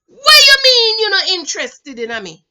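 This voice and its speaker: A woman voicing a pushy young Jamaican man who won't take no for an answer, in a high, pleading Jamaican accent. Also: sing-song, normal speed, bright, forceful tone, exaggerated voice. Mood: insistent.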